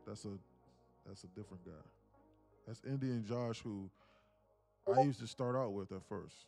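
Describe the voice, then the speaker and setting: A man's voice: on the low side, normal speed, creaky, dark tone, faint music behind. A man hosting a live day-trading stream, chatting casually and rambling, often repeating words as he talks to his viewers. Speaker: day-trading livestream host.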